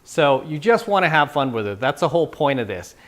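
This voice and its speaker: A man's voice: fairly high pitch, very animated, a little fast, fairly bright tone. A man giving casual, playful dating advice, now and then acting out quoted lines. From San Francisco. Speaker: dating coach. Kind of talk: casual instructional talk.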